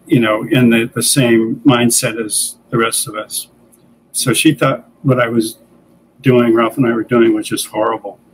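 An older man, a comics creator and editor, telling relaxed anecdotes as a guest in a casual interview. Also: mid-range voice, moderate pace, a little hiss or hum, poor audio. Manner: relaxed anecdotal, acts out quoted dialogue.

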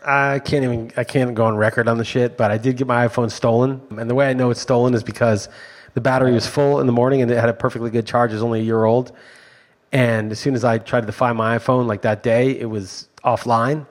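Fast-talking man on a profane rant. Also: medium pitch, fairly even intonation. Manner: profane, ranting, emphatic. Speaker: podcast co-host. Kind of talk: casual chat.

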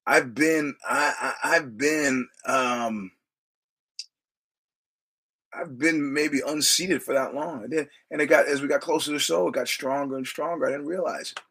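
A man's voice: fairly high pitch, unhurried, sharp tone, breathy edge. A man hosting his own podcast, talking in a rambling, digressive way, quoting film lines and laughing often. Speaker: podcast host. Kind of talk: rambling casual monologue.

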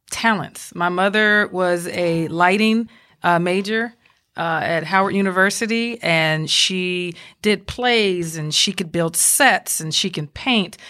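A young adult woman with a Southern accent, a police officer telling her story in a casual interview, animated and quick to laugh. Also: mid-range voice. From Georgia, US. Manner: animated, talks with her hands, laughs often.

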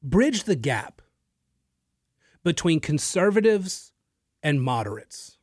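This male radio host has a voice on the high side, sing-song and a little mellow, and he speaks at a slow pace. He gives his listeners an emphatic, opinionated political monologue with the odd filler and repeated word, recorded on a studio microphone with no echo.

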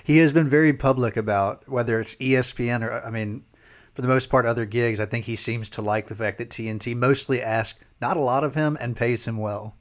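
A man's voice: mid-range voice, brisk. A man co-hosting a casual sports podcast, making wry, dry remarks. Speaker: podcast co-host.

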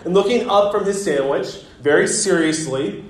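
Pastor in an echoey sanctuary. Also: male voice, high voice, normal speed. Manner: conversational storytelling with self-deprecating humor. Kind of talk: sermon. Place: church sanctuary.

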